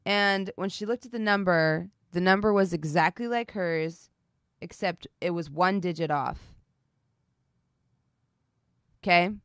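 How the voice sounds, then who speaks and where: A woman's voice: lowish voice, slow pace, pauses often, clean tone, no room sound. A woman streaming, chatting casually with her viewers while doing her makeup, telling a story animatedly and swearing often.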